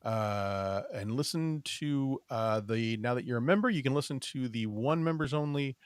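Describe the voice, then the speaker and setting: A man's voice: medium pitch, moderate pace, smooth, no room sound. A man hosting a podcast in casual chat, joking, rambling with fillers and laughing often. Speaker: podcast host.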